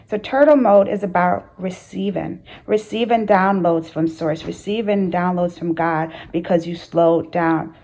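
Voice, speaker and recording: A woman's voice: on the low side, a little slow, few pauses, warm tone, low-quality recording. A woman hosting her channel, speaking earnestly to camera in a casual motivational talk, with repeated phrases and rhetorical questions. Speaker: spiritual coach and channel host.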